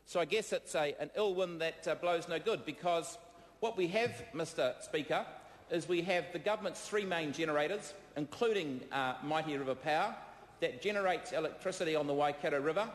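A man with a New Zealand accent giving a parliamentary debate speech, combative and halting, with many fillers, repeated phrases and replies to hecklers. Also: a little high. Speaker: member of parliament. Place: debating chamber. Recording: echoey chamber with long reverb.

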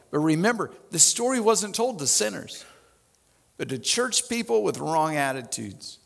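A man's voice: on the high side, creaky, big-room sound. A man pastor preaching a sermon, telling the story with animation and dropping in wry asides.

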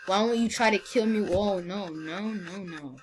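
Heard on a rough recording, a young woman in a medium pitch speaks a little slowly as she plays and comments on a game. She keeps things casual and teasing, regularly tripping over words and starting again.

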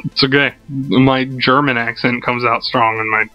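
A man's voice: medium pitch, fairly even intonation, a little slow. A man co-hosting a casual gaming show, joking and laughing as he watches his friend play. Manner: joking, chatty, laughs often. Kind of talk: casual let's play chat. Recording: dull lo-fi audio with game music.

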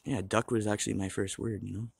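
A man's voice: on the low side, level tone, quick pace, gravelly, slightly rough, no echo. A man talking to the camera in a rambling, swearing monologue, restless and blunt. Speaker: vlogger.

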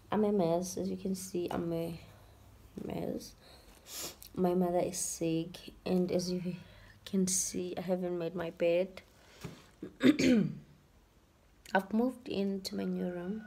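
A young woman vlogging from her bedroom, tired and emotional, talking softly and sometimes dropping to a whisper. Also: fairly low pitch, gravelly. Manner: tired, emotional, soft-spoken, drifting to a whisper. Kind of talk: casual vlog talk to camera. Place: bedroom at home.

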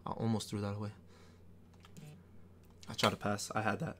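Hyped guy streaming a basketball game, chatty, yells and laughs a lot with chat. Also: lowish voice, moderate pace, slight background noise. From New York. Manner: excitable, trash-talking, bursts into yelling and laughter. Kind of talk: live gameplay commentary.

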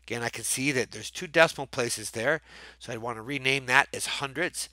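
Brief: male math teacher, patient step-by-step talk, mid pitch. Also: fairly quick, bright, forceful tone, no room sound. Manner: patient, thinking aloud step by step. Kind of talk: screen-recorded math lesson.

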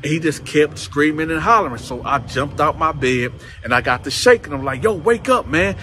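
A man telling a story casually to camera, lively and acting out other people's voices. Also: fairly high pitch, a little fast, a little hiss or hum. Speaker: channel host telling prison stories.

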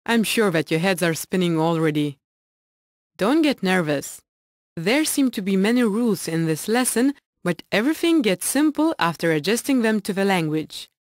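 A woman's voice: medium pitch, lively intonation, moderate pace, no echo, studio quality. A woman narrating a scripted language lesson in a reassuring, explanatory way and translating the dialogue into English.

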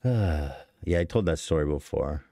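Very low-voiced man, rambling and profane. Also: animated, moderate pace, gravelly, dark tone, no echo, clean studio sound. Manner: rambling, profane, self-deprecating, with frequent restarts. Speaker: podcast host. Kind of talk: casual storytelling to stream chat.

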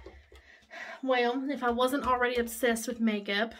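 A woman, chatting excitedly while doing her makeup in a casual vlog, gushing and chatty. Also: a little high, normal speed, long pauses. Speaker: makeup vlogger. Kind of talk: casual get-ready-with-me chat.

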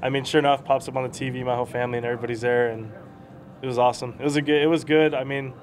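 A man's voice: mid-range voice, level tone, very fast. A young man, a baseball prospect, telling rambling stories in a casual interview, laughing as he goes.

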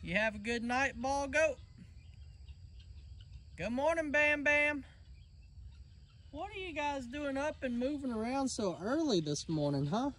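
A man chatting casually to viewers outdoors on a farm, coaxing his goats in a gentle sing-song. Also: very high-pitched, expressive, measured pace, long pauses. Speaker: homesteading vlogger. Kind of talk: casual vlog chat.

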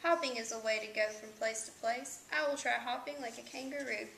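Storybook read-aloud: a woman voicing a sore-footed, silly male elephant; high, a bit gravelly. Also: brisk, a bit bright, roomy sound, slight background noise. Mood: earnest.

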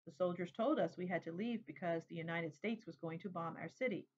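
A woman reading a memoir aloud in a steady, plain, unhurried way. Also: lowish voice, slightly rough. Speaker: reader. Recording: dull lo-fi recording.

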